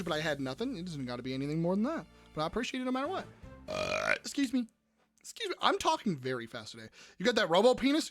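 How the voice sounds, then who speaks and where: A man's voice: high-pitched, a bit bright. A young man live-streaming in casual chat, crudely joking and riffing on messages from his viewers.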